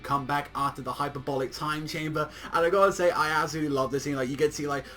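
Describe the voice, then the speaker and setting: Excitable slangy young man reviewing anime. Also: on the high side, fast talker, soft background music. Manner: excitable, slangy, swears often, heavy use of "like". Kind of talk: casual video review.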